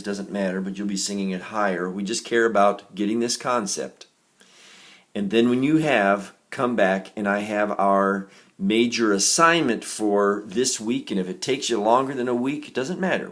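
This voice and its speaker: A man teaching a music reading lesson, patient and gentle, walking students through rhythm exercises. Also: lowish voice. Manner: patient, gentle instructor, demonstrating rhythms by singing syllables.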